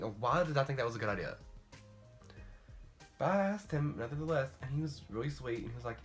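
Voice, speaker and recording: A teenage boy talking through a casual makeup storytime, chatty and animated, jumping into high squeals when quoting people. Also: fast. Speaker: beauty vlogger. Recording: faint music behind.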